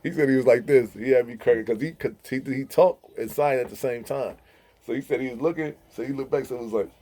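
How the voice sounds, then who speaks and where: A man's voice: mid-range voice, fast talker. Laughing man telling prison stories. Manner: animated, laughing, mimics others' voices in quotes. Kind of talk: casual storytelling.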